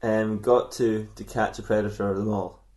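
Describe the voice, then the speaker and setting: A man's voice: fairly low pitch, flat delivery, moderate pace, a little mellow. A man co-hosting a comedy podcast, telling a silly fan fiction story in a rambling way and laughing often at his own jokes.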